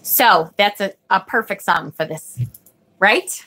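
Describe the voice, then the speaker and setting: Mid-range in pitch, slightly rough and sharp-toned, she takes her time speaking. She hosts a live tarot stream, chatting and reading viewer comments in a scattered way, frequently sidetracked and casually swearing when annoyed.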